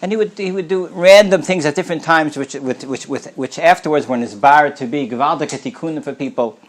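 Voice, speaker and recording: A rabbi's Torah class unfolds as casual storytelling, his slightly high voice moving fairly quickly. He mixes Yiddish and Hebrew into his words, often clears his throat, and begins words over.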